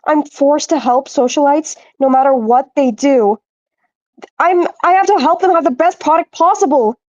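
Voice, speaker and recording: A woman's voice: high-pitched, moderate pace, a little mellow, no room sound, muffled recording, close to an everyday voice. A woman playing a downtrodden young servant who talks in a mournful, sighing way. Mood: despairing.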